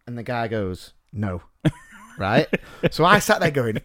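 A man's voice: medium pitch, unhurried. A man co-hosting a podcast, telling a story in a casual, self-mocking way and often laughing. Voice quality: animated, self-mocking, laughs through his stories. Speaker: podcast co-host.

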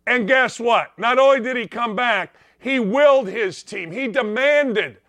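Fired-up male sports talk host, high and sharp, mocks whiny players, dry booth mic. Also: unhurried, dry recording. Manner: loud, mocking, does whiny voices of players. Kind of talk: opinionated sports rant.

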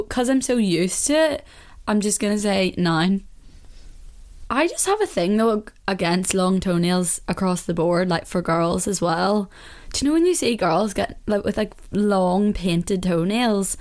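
A young woman with a Northern Irish accent, hosting a casual solo podcast in a chatty, opinionated way and laughing often. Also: mid-range voice. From Northern Ireland. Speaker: podcast host.

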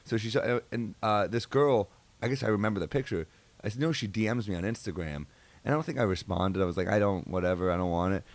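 A man's voice: lowish voice, fast talker. A man, a comedian, telling funny stories in casual chat and acting out the quoted lines.

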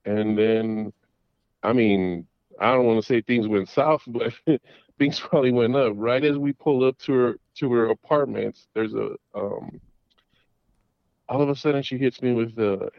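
A man's voice: medium pitch, steady tone, dry recording. Middle-aged male caller, dull lo-fi call. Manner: rambling, halting, with many restarts and fillers. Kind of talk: casual storytelling. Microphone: phone call.

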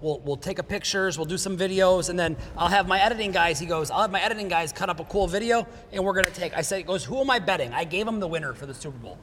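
A man with a high voice tells a story on a podcast, animated and quick to act out what others said. The sound is roomy with a long tail of reverb. Faint noise sits underneath. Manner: animated, retells quotes in lively bursts. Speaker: podcast host. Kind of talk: casual storytelling chat.

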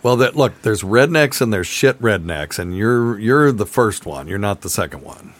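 A man hosting a call-in radio show, chatting casually with callers and laughing easily, with a softened Appalachian accent. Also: lowish voice, animated, moderate pace. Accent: Appalachian, mostly softened. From Appalachian mountains, USA. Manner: laid-back, laughs often, chatty.

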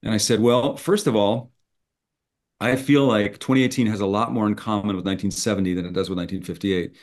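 Lively storytelling middle-aged man. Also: on the low side, a little fast. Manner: animated, acts out both sides of phone calls. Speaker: screenwriter guest. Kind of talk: storytelling in conversation.

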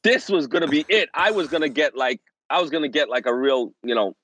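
Poor audio carries a husky, fairly quick voice on the high side. The speaker, a minister and family therapist in his forties, animatedly shares a personal story on a podcast, performing other people's voices as he goes.

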